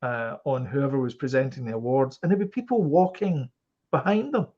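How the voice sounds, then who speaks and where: A man's voice: mid-range voice, normal speed, darkish tone. A Scottish man co-hosting a podcast, chatting casually and rambling with lots of fillers and restarts. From Scotland. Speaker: podcast co-host. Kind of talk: casual chat. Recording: dull lo-fi podcast audio.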